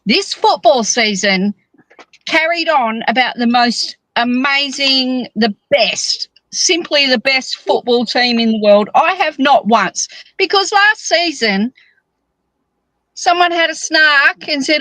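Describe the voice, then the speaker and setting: A woman, chatting in a teasing, animated way as a monthly guest on a casual podcast. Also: high-pitched, slow pace, no echo, poor audio.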